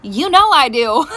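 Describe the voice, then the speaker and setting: A middle-aged mother telling a funny story in an animated, amused way. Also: sits high. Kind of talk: casual storytime.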